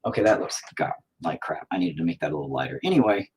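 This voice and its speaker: A man's voice: sits low, big pitch swings, fast talker, a little hiss or hum, low-quality recording. A man talking casually to his viewers while he paints, cursing constantly and mocking himself as he rants. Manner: profane, ranting, self-mocking. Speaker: painting vlogger.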